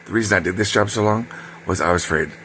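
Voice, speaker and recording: A man's voice: lowish voice, fast, a bit bright, a little hiss or hum. An older man telling a rambling personal story, wandering off on side tracks with many ums and self-corrections.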